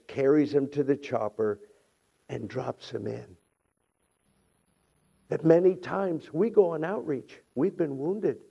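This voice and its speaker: A middle-aged male pastor preaching with a rough, gravelly voice and a slow, deliberate delivery. He tells stories, acts out the voices in them, repeats phrases as he goes, and climbs toward shouting. The recording is dull and lo-fi. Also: on the high side. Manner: many restarts and repeated phrases. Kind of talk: sermon.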